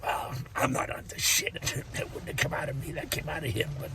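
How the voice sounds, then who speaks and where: A man's voice: on the high side, flat delivery, brisk, gravelly, heavy background noise. An older man rambling and swearing in a casual monologue, laughing to himself as he talks in his car. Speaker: vlogger.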